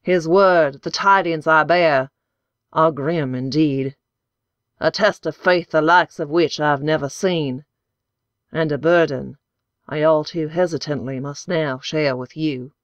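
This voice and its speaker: A woman voicing a fervent male preacher with a hoarse voice, speaking in a solemn, preaching cadence in an audiobook. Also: low-pitched, slow, dry recording, muffled recording. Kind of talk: audiobook character voice.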